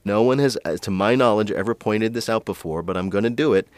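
A man's voice: fairly low pitch, quick pace, no room sound. A man co-hosting a casual podcast chat, talking animatedly and laughing often. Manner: animated, laughing, mimics others. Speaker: podcast co-host.

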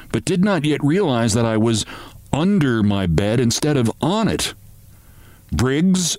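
A show host reads a comic story aloud with lively, theatrical delivery. His voice sits a little high for a man. The studio recording is dry and close. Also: no echo.

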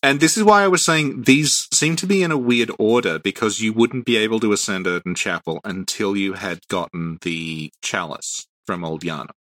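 A man's voice: on the low side, normal speed, hardly any pauses, fairly bright tone, dry recording. A man co-hosting a podcast, explaining game lore patiently in casual chat and laughing often. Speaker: podcast co-host.

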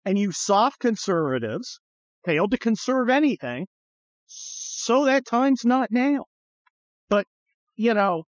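A man's voice: high voice, dry recording, muffled recording. Rambling, blunt male podcast host. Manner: rambling, many fillers, blunt and profane. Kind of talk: casual political chat.

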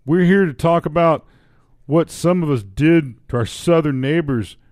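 A man's voice: fairly high pitch, unhurried, darkish tone, no room sound, studio quality, lightly acted. A man putting on a folksy Canadian guy. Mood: mock folksy. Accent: put-on Canadian. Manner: tags sentences with "eh". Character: stereotypical polite Canadian man. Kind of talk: comic news reading in character.

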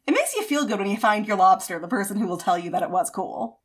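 A woman's voice: medium pitch, expressive, rapid-fire, fairly bright tone, slightly rough. A woman in her thirties co-hosting a podcast, giving casual advice in a chatty way with many fillers and acted-out quotes. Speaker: podcast co-host.

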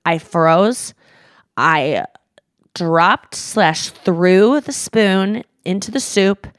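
A woman's voice: very slow, no echo, studio quality. A young woman co-hosting a podcast, telling a story in casual chat and swearing freely. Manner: animated, swears freely, acts out quotes in shrill yells. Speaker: podcast co-host.

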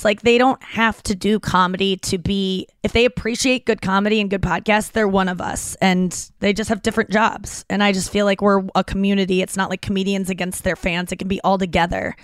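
A woman's voice: medium pitch, no room sound. A woman in her thirties, a comedian hosting a podcast, telling a long rambling story, swearing freely and acting out quotes.

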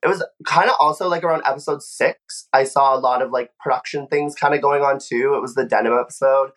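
A man's voice: mid-range voice, fairly even intonation, fairly quick, fairly bright tone. A young man, a former reality competition contestant, chatting casually in an interview, full of "like" fillers and acted-out quotes. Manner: chatty, frequent "like" fillers, acts out quoted voices.

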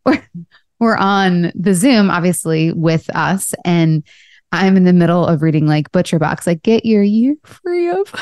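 Chatty woman podcast host, lowish voice. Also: darkish tone, dry recording, studio quality. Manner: chatty, laughs often, retells stories. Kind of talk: casual chat.

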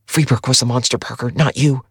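A man's voice: mid-range voice, expressive, very fast, creaky, breathy edge, no room sound, studio quality, voice pushed up. A man voicing a distraught young woman who pleads in a strained, hurt tone. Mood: pleading.

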